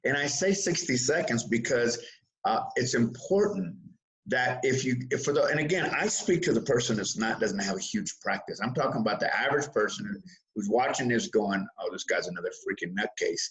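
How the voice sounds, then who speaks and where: Lively storytelling man, mid-pitched voice. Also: normal speed, poor audio. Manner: restarts and repeats words often. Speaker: guest, mindfulness teacher. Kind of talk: casual interview talk.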